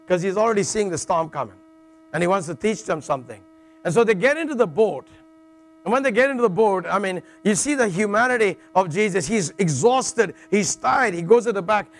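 A middle-aged man preaching to a congregation in a relaxed, joking manner. His voice sits a little high for a man, and he keeps checking in with his listeners. A low mains hum runs under the recording. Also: fairly quick. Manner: jokey, conversational, with frequent "all right" asides and restarts. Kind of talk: sermon.

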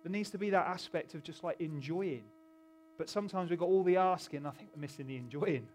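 A man's voice: fairly high pitch, fairly quick, darkish tone, slight background noise. A middle-aged male pastor preaching a chatty, informal sermon in a church, often stopping to joke with the congregation. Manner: chatty, self-interrupting, jokes with the congregation. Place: church hall.

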